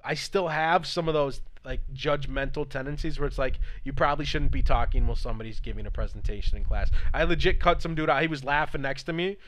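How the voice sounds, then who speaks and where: A man's voice: medium pitch, fast, hardly any pauses, fairly bright tone. A young man streaming, chatting casually in a rambling, profane, opinionated way. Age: young adult. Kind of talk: casual chat.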